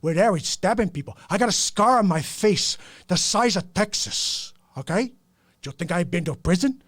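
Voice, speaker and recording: A man's voice: high voice, big pitch swings, no room sound, voice pushed up, exaggerated voice. A man doing a menacing broken-English gangster. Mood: boastful. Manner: swaggering, drawn-out threats. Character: male gangster, tough, threatening, brash.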